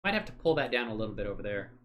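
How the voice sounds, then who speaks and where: Guy streaming at his desk mic, talks to himself while working, pitch jumps all over, laughs at his own jokes. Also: big pitch swings, very fast, a bit bright. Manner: thinks aloud, rambling, self-mocking, laughs often. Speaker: livestream host. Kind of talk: casual livestream chat while working in software.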